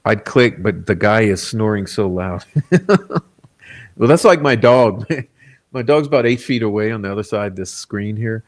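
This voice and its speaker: A man's voice: fairly low pitch, expressive, moderate pace. A man hosting a casual livestream, reading viewer comments aloud in a laid-back, rambling way, chuckling often. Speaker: livestream host.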